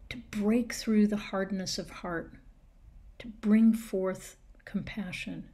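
A woman preaching a sermon at an unhurried, deliberate pace. She leans on key words with emphasis and lets dramatic pauses sit between phrases. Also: medium pitch, darkish tone.

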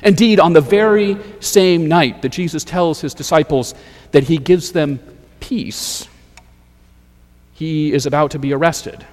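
A man preaching a sermon as pastor, measured and rhetorical, building points through repeated phrases. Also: fairly high pitch, a little mellow, long reverb tail.

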